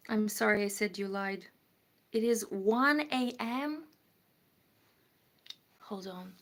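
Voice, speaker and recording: A woman's voice: medium pitch, slow pace, long pauses, a bit bright. A woman from Moldova, hosting a casual livestream and chatting as she reads out viewer comments and answers them. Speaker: livestream host. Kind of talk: casual live-stream chat.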